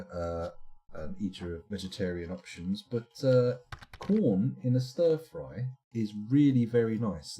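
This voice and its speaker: A man's voice: lowish voice, mellow. A man streaming a game live, chatting and rambling to himself as he plays. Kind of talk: live let's-play commentary.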